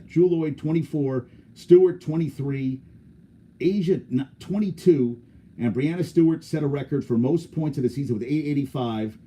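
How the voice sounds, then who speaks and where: A man's voice: mid-range voice, mellow. A man hosting a sports podcast, talking casually in a blunt, opinionated, rambling way.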